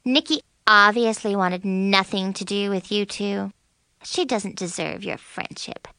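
A woman's voice: mid-range voice, fairly even intonation, a little slow, pushed and bright, smooth, no echo. A woman voicing a snobby, mean teenage girl who talks in a taunting, fake-sweet way. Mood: smug. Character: snobby mean teen girl, mocking queen bee.

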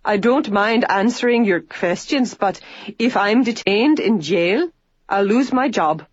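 Reader doing a frightened, protesting male worker in a storybook, raised pitch, slowed. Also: animated, no room sound, lo-fi sound. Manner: protesting, pleading. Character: accused male factory worker, proud but frightened.

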